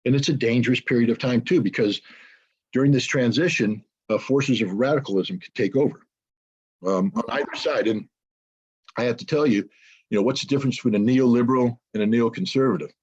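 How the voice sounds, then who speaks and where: Middle-aged American male commentator, husky, emphatic monologue, dull lo-fi sound. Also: mid-range voice, fairly quick, a little mellow. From United States. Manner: emphatic, rhetorical questions and repetition. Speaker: geopolitical commentator. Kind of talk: impassioned monologue.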